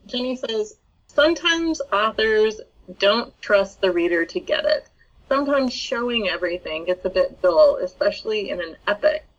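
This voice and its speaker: A woman's voice: mid-range voice, a bit bright, muffled recording. A woman co-hosting a casual chat about writing, thoughtful and hesitant with fillers, reading out listener replies. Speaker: podcast co-host.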